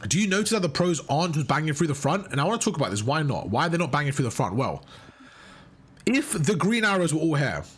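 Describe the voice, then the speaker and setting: Man, husky voice, animated swinging pitch, emphatic game breakdown. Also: quick pace. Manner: emphatic, keeps checking in with "right?" and "okay?". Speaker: competitive gaming coach. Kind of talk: breaking down match footage.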